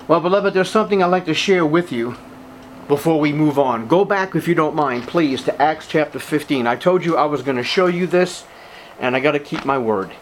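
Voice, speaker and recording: A pastor preaching a sermon in a church service, a man with a somewhat high voice. He is emphatic and deliberate, hammering on repeated words and addressing the congregation as beloved. A faint hiss sits under his voice.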